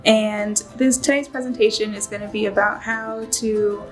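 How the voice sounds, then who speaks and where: A woman's voice: mid-range voice, steady tone, normal speed, soft background music, poor audio. A woman presenting for a conservation group, explaining steadily with frequent fillers. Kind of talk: informational presentation.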